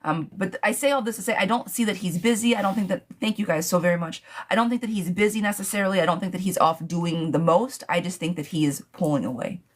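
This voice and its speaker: A woman's voice: fairly low pitch, fast, hardly any pauses. A woman giving a live-streamed tarot reading, blunt and chatty, calling her viewers sweetheart and friend. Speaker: tarot reader.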